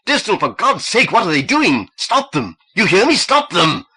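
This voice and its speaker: Guy playing a panicked husband yelling, voice all over the place. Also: sits high, sing-song, extremely slow, slightly rough, voice pushed up, exaggerated voice. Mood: frantic. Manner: frantic, raised shouting. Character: frightened, desperate husband. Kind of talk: audiobook reading.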